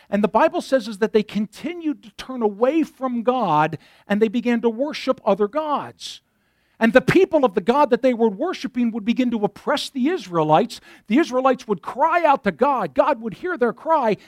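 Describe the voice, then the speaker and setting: A man preaches to his congregation in a lively, swooping voice that sits high for a man. He talks them through scripture and reads verses aloud. The sound is dry and close. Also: dry recording. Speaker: pastor. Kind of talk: sermon.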